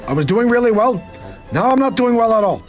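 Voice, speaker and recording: A man's voice: very high-pitched, lively intonation, brisk, soft background music. A man putting on impressions of two older male politicians in a comic debate clip, full of rambling banter.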